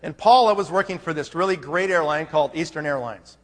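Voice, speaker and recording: A man's voice: a little high, brisk. A man speaking at a business conference, telling a story from the stage and acting out both sides of his phone calls. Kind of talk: motivational conference talk. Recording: long hall reverb.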